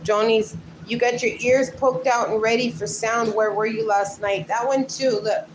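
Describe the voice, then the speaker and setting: A woman's voice: on the high side, fairly even intonation, moderate pace. A middle-aged woman hosting a casual livestream from home, chatting with viewers and talking to her dogs. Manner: chatty, reads out and answers viewer comments; speaks fondly to her sleeping dogs. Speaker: livestream host. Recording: noticeable background noise.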